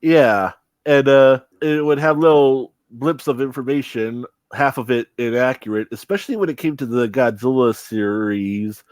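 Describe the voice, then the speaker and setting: A man's voice: mid-range voice, normal speed, dry recording. A young man co-hosting a casual chat, rambling with many fillers and restarts. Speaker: podcast co-host.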